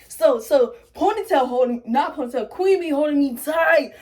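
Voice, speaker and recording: Young woman w/ aave telling a storytime, high pitched, acts out everyone's lines. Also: quick pace, few pauses. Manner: animated, acts out quotes in a high voice. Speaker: vlogger. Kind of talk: casual storytime.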